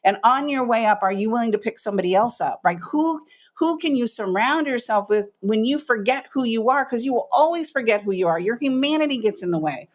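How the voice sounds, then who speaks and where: A middle-aged woman's fairly high voice moves a little fast as she, a business coach, tells her story on an interview podcast. She's an emphatic, animated storyteller, acting out what others said.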